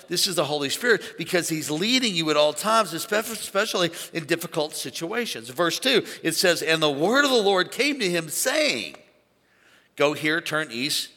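Bright-voiced male preacher in a hall. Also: fairly high pitch. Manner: animated preaching, calls for congregation to shout. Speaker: pastor. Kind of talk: sermon. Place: large church auditorium. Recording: long hall reverb.

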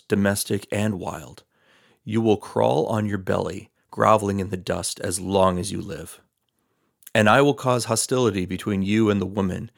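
A man reading scripture aloud in a steady, measured way, lightly voicing the quoted speech. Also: on the low side, gravelly, no echo, studio quality. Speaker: Bible reader.

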